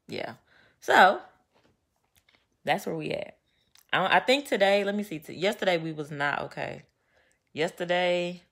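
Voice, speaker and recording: Woman, low voice, casual chat, venting, animated storytelling, slangy. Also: gravelly. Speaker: vlogger. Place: home, getting ready.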